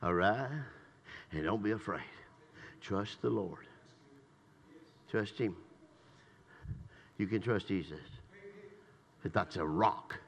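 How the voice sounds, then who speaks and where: An older man preaches in a reverberant church. His voice is bright and forceful. He moves from shouted hallelujahs to quiet, conversational teaching. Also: slow pace, vocal fry, pauses often, a little hiss or hum. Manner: swings from shouted praise to low conversational asides. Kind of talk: sermon. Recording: long reverb in a church hall.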